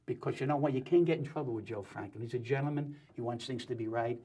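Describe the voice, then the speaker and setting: Fast-talking gravelly wisecracking man. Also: mid-range voice, mellow. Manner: rapid, joking, wisecracking storyteller. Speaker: talk show guest. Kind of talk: animated talk show banter.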